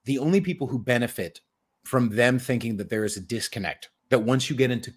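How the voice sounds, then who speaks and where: A man's voice: medium pitch, a little fast, husky. A man hosting a podcast in casual chat, rambling and cursing as he jokes. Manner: rambling, profane, joking. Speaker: podcast host. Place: home studio in New York.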